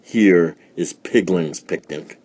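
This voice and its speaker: A man reading a storybook aloud, voicing a cruel, scornful stepmother in a shrill, snapping voice. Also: slow, darkish tone, husky, heavily acted. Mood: mock-sweet. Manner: shrill, snapping, mock-sweet.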